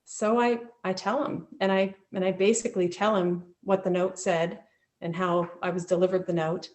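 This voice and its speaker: A woman recounts a personal memory in a vivid, emotional, conversational way. Her voice sits at a middle pitch and comes through a video call. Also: fairly even intonation, moderate pace, darkish tone. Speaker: storyteller. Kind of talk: personal storytelling.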